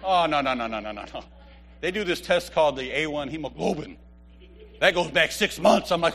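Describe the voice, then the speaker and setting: A man in his fifties giving a humorous church testimony, an animated storyteller who laughs often. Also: on the high side, a little fast, slight background noise.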